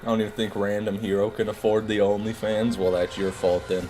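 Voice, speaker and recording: A man's voice: fairly low pitch, level tone, brisk, mellow. A man with a groggy morning voice hosting a live gaming stream. He chats casually, reads out viewer messages and swears when things go wrong.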